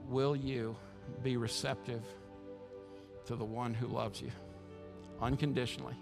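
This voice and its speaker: A man's voice: medium pitch, gravelly. A man preaching a sermon as pastor, impassioned and emphatic, often repeating words as he restarts.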